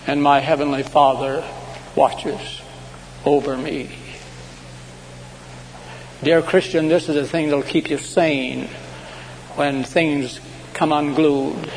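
A man with a somewhat high voice preaches a sermon, his words trailing off into a long hall reverb. He tells his stories dramatically, drawing out big declarations, then dropping to a hush. A faint hum sits under the recording. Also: vocal fry. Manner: dramatic storytelling, swinging between loud, slow proclamations and hushed asides. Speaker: pastor.

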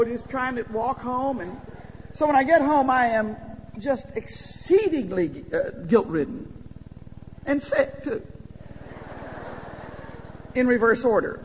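High-voiced woman telling a story in a hall. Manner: animated, humorous, drops to a hush for quiet moments. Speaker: speaker. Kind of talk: storytelling talk to an audience. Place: large hall with audience. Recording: long hall reverb, faint background noise.

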